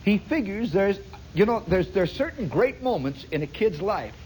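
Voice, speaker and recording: A man telling a long story in a rambling, animated way, full of asides. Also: high-pitched, moderate pace, a little hiss or hum, poor audio. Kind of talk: spoken storytelling monologue.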